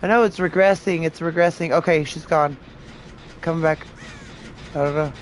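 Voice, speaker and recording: A woman's voice: low voice, moderate pace, a little hiss or hum. A woman streaming a game and chatting casually with friends, swearing freely and laughing often. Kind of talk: casual gaming stream chat.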